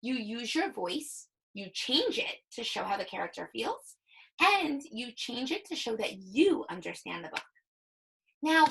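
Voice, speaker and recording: A young woman teacher giving a recorded reading lesson to young children, with exaggerated, animated demonstrations. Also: fairly high pitch, creaky, slightly rough, rough recording.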